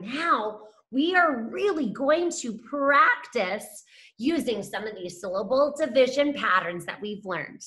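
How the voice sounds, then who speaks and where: A woman's voice: on the high side, pushed and bright. A young adult woman teacher leading a phonics lesson for young children, encouraging and sing-song, drawing out letter sounds.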